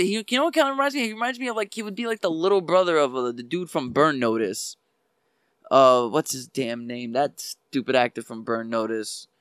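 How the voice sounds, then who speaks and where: A man's voice: sits high, fairly bright tone, smooth, no room sound, clean studio sound. Rambling man in casual movie chat. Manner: rambling, searches for names mid-sentence. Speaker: podcast co-host.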